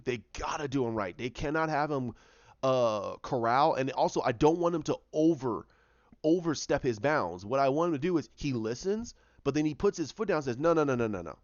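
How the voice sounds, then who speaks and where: A man reviewing TV shows talks casually and with strong opinions, often repeating himself as he goes. His voice is medium-pitched, with no room sound and dull audio.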